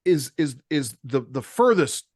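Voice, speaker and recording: A man's voice: mid-range voice, sing-song, measured pace, darkish tone, husky, dry recording, clean studio sound. A man hosting a political talk podcast. He sums up his co-host's points and steers the conversation. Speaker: podcast host.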